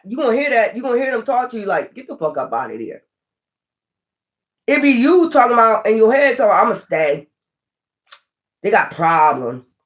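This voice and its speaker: A high-pitched man reads tarot in a loose, conversational way. He preaches and swears, circling back to the same phrases again and again. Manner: preachy, profane, repeats catchphrases. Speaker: tarot reader. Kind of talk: casual spoken tarot reading.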